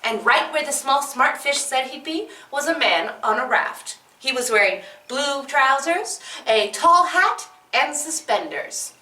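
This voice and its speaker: A woman with a high, bright voice narrates a children's story, expressive and playful. She is heard from a distance in a roomy, echoing space. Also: unhurried, few pauses. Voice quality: animated, expressive. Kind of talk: playful read-aloud storytelling duo. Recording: roomy echo from a distant mic.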